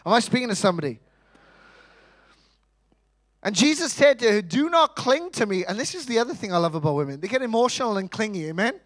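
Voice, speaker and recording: A man preaching a sermon in church, animated, asking rhetorical questions and acting out quotes. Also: high voice, fast, pauses often.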